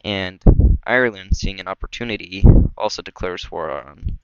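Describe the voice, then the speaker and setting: Casting: young man, low-ish smooth voice, loose rambling narration, cheap dull mic. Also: expressive, normal speed, pushed and bright, no echo. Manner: loose, rambling, many fillers and self-corrections. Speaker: mapping video creator. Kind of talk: casual map narration.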